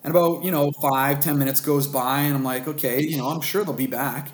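Guy in his 30s telling a story, bit of a high voice, acts out all the lines, laughs at himself. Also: fairly quick, reverberant. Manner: animated, acts out dialogue, self-deprecating laughs. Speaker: guest telling a birth story. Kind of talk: casual storytelling.

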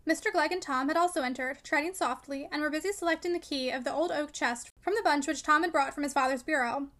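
A woman reading a classic novel aloud in steady scripted narration, voicing the dialogue quietly. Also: high-pitched, fast. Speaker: audiobook reader.

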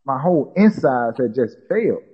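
A man's voice: mid-range voice, big pitch swings, normal speed, breathy edge, dull audio. A man telling a personal story in casual talk, repeating himself and acting out what people said. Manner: repetitive, acts out quoted dialogue.

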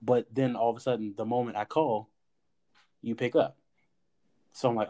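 Speaking slowly with long pauses, this male podcast host recounts something that happened to him in a relaxed, lively way. He voices the lines others said to him, lets the occasional curse slip, and his pitch sits in an ordinary middle range.

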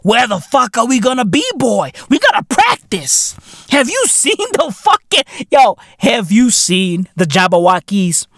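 A man voicing a rowdy family of neighbors who loudly defend their dance practice. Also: very high voice, a little slow, dry recording, studio quality, voice pushed up, exaggerated voice. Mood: indignant. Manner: loud, indignant, excited.

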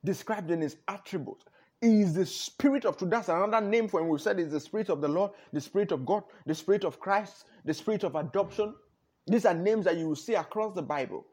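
A man preaching with a high, husky voice. He is emphatic, piles up repeated "no, no"s and chuckles between points. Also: fairly quick, a little mellow. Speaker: pastor. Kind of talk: sermon.

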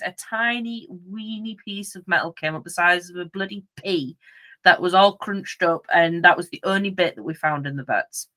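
A woman co-hosting a podcast, telling a story in lively casual chat, acting out voices, laughing and swearing. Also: medium pitch. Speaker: podcast co-host.

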